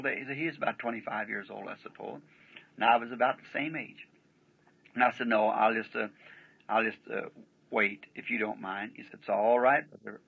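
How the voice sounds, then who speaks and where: A preacher tells his story in a bright, forceful voice with a husky grain, folksy and rambling, checking in with his listeners again and again. He comes through a dull, muffled archival tape. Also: mid-range voice. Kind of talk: sermon storytelling.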